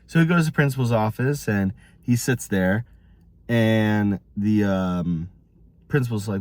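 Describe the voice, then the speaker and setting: A man's voice: lowish voice, a little slow, a little mellow, no echo. A man telling a joke story casually, rambling with many fillers.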